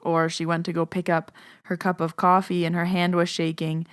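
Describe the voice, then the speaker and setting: A woman's voice: on the low side, little pitch movement, normal speed, no echo, studio quality. A woman podcast host and Reiki master, casually answering listener questions in a chatty monologue. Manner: casual, chatty, uses "like" often.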